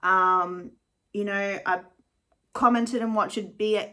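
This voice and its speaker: A woman's voice: medium pitch, fairly even intonation, takes it slowly, sharp tone. Chatty, nervous woman vlogger. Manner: chatty, self-deprecating, rambling. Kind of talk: casual rambling vlog.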